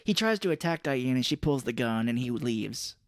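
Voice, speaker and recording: A man's voice: medium pitch, expressive, normal speed, no echo, studio quality. A man co-hosting a casual movie podcast, animatedly recounting scenes. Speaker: podcast co-host.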